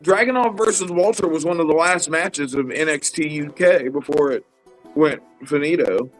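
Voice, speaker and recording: A man co-hosting a casual wrestling chat show, talking in an animated, profane, rambling way. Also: a little high, normal speed, faint music behind, poor audio. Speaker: podcast co-host.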